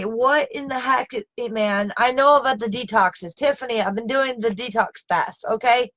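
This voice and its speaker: A woman's voice: fairly high pitch, moderate pace, few pauses, a bit bright, rough recording. Frustrated woman pleading on a live video. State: upset and exasperated. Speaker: live streamer. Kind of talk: unscripted live video talk.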